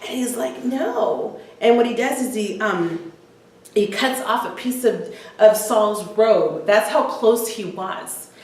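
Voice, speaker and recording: A woman's voice: mid-range voice, a little slow, darkish tone. A woman teaching a women's Bible study, retelling scripture in casual everyday words with frequent ums. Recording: echoey room, voice from far off the mic.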